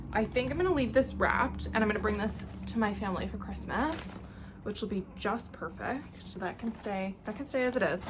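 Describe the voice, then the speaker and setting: Speaking at a medium pitch over a faint hiss or hum, a young woman vlogs casually from her apartment. She gushes with effusive exclamations throughout the chat.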